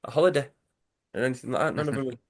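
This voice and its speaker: Sex: man. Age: adult. Role: podcast co-host. Style: casual, animated comic-story retelling over a video call. Pitch: middle. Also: rapid-fire, vocal fry, crowd noise. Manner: animated, acts out characters' lines.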